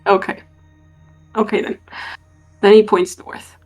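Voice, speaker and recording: A woman player at a tabletop game speaks in a soft, musing way, working through her character's choices. Her voice sits in a middle range and comes across quiet and unhurried. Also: mid-range voice, level tone, faint music behind. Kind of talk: casual play discussion.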